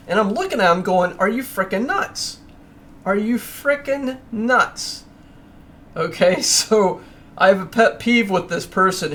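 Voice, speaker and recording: A man's voice: high-pitched, fairly bright tone, a little hiss or hum. A man hosting his own channel, talking casually and emphatically as he walks through price charts, with ranting asides. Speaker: crypto channel host. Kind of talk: casual screen-share chart walkthrough.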